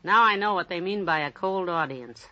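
An actress playing a cheerful, gently teasing housewife in 1940s radio comedy. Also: female voice, fairly low pitch, normal speed, lo-fi sound, lightly acted. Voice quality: warm-humored, gently teasing.

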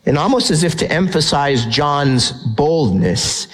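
Guy preaching a sermon, kinda high voice, emphatic and chatty, lots of rhetorical questions. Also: animated, slow, poor audio. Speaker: pastor.

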